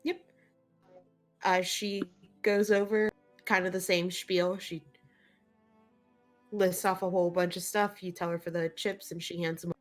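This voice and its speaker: A woman narrating as game master of a tabletop game in a relaxed, loose way with fillers. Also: on the low side, a little slow, long pauses, soft background music.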